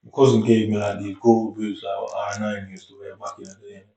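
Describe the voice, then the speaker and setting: Heard through a distant, muffled mic in an echoey room, a young vlogger from Jamaica talks with a fairly low pitch, a flat delivery and a dark tone. He drifts through a long, casual story in a Jamaican accent, full of slang and in no hurry.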